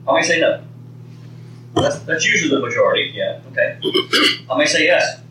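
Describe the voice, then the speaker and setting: Male speaker teaching a group live: bright voice, conversational, repeats words, quizzes the audience; recorded from far off in a very echoey room. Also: a little high, expressive, a little fast, slight background noise.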